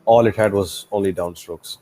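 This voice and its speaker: A man's voice: fairly low pitch, fairly even intonation, normal speed. A man teaching a one-to-one guitar lesson, patiently explaining a strumming pattern step by step and counting beats aloud. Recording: guitar playing throughout. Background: acoustic guitar playing.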